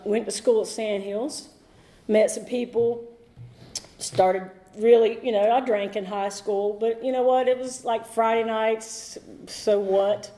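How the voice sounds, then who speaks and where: At a recovery meeting held in a meeting room, a middle-aged North Carolina woman talks candidly about her own recovery. Her medium-pitched voice is warm; she rambles a little and sometimes turns emotional.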